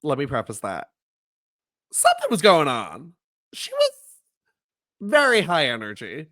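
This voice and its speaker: Animated young man telling stories. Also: measured pace, dry recording. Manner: animated storytelling, laughs often, acts out quotes in a high voice. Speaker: podcast co-host. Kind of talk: casual chat.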